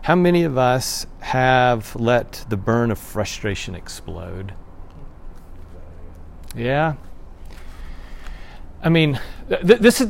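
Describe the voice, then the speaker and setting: A man's voice: medium pitch, creaky, slight background noise. Conversational male pastor preaching. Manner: conversational, swings from hushed to loud and emphatic. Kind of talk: sermon.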